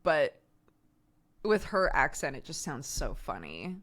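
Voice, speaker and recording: An American woman in her thirties streams and chats with her viewers, her low voice swinging widely in pitch. She talks in an unhurried way, with lots of filler words and frequent laughter. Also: big pitch swings, a bit bright. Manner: chatty, laughs often, many fillers. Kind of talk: casual chat with viewers.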